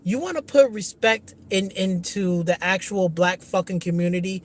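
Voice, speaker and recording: A man's voice: high voice, normal speed. A man hosting a gaming livestream, ranting angrily with lots of swearing and restarts. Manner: angry, profane, repetitive restarts. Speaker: gaming channel host. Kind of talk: livestream rant.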